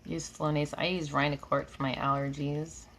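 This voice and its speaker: A woman in her thirties from New York, with a slight Southern drawl, hosts a reiki live stream from her air-conditioned home room. Her voice sits low and is a bit bright, with little pitch movement and a moderate pace. She chats casually, laughing often as she reads and answers comments, with a little hiss or hum audible.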